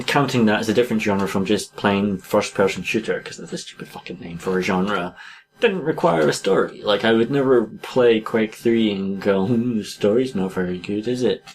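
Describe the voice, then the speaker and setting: Lowish-voiced man in loose chat. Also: normal speed, slight background noise. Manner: rambling, hedging with 'like', laughs often. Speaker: podcast co-host. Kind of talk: casual chat.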